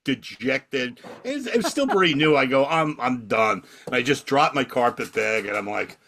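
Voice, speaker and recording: An older man, a comedy magician, telling a lively backstage anecdote in casual conversation and acting out the lines of the people in it. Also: mid-range voice, moderate pace, gravelly. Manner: animated anecdote telling with acted quotes. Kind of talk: casual storytelling.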